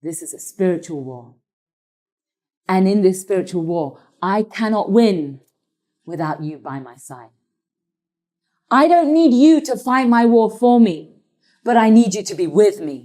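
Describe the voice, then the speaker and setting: Quiet earnest young prince, soft and low, as a woman tells the tale. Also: expressive, a little slow, long pauses, lightly acted. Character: young devoted warrior prince, sincere and humble.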